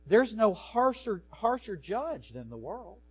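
Male preacher, higher voice, animated delivery, faint electrical hum on the recording. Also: takes it slowly, breathy edge. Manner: animated preaching, swings from soft to loud. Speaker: pastor and professor. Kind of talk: sermon.

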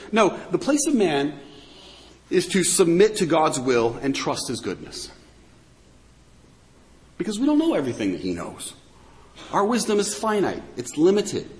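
A man's voice: on the high side, in a large hall. A man giving a conversational sermon as a pastor, with sarcastic asides.

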